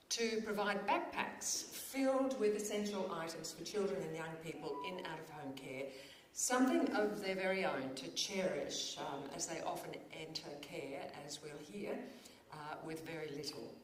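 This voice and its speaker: A woman's voice: on the low side, a little hiss or hum. A woman hosting an awards ceremony, reading prepared remarks with a few fillers and ad-libs, on stage at an event venue. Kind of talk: formal presenting with ad-libs. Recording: echoey hall, faint ambience.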